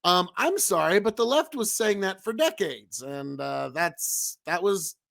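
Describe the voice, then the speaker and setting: Streaming live, a man talks to his chat in an animated, rambling, emphatic way, circling back and repeating points for weight. His voice is gravelly, a bit bright, and higher than most men's, at a measured pace.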